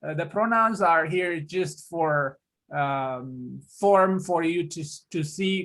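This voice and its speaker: A man with an Ethiopian accent teaching a one-on-one language lesson over a video call, patiently repeating words slowly. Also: sits high, expressive, fairly bright tone.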